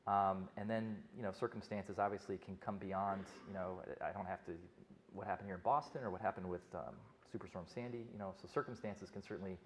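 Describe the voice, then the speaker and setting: Middle-aged man, doctor addressing a conference crowd, low voice, rapid chatty delivery with restarts. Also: steady tone, slight background noise. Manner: fast, conversational storytelling with frequent restarts. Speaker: physician giving a talk. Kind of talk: conference talk to an audience.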